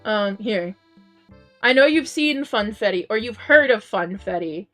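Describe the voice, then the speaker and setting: Speaking at a measured pace in an animated, mid-range voice with a fairly bright tone, this woman streamer reads chat messages and talks casually with viewers. Frequent giggles and um-filled restarts run through her speech, captured on a headset mic over faint game music.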